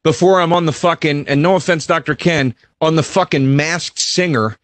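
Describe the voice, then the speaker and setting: A man's voice: fairly high pitch, steady tone, normal speed, dry recording. A man co-hosting a comedy talk show, ranting emphatically with plenty of swearing. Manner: emphatic, profane rant. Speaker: podcast co-host. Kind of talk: casual chat.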